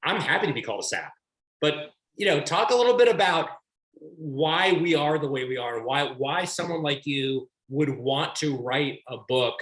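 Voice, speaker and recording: A man's voice: on the high side, lively intonation, moderate pace, a bit bright. A man hosting an author talk over a video call, asking questions in a rambling way with many restarts. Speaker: host of an author series. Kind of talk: interview questions. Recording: roomy echo.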